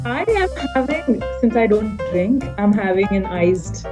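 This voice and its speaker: A woman guest on an interview podcast, speaking in a hesitant, halting way. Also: medium pitch, lively intonation, music in the background. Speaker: guest anthropologist. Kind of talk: casual interview chat.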